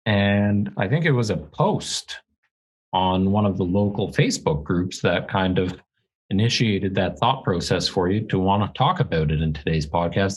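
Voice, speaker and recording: A man's voice: low-pitched, muffled recording. A man co-hosting a casual real estate podcast, talking bluntly and ranting with a bit of profanity. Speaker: podcast co-host.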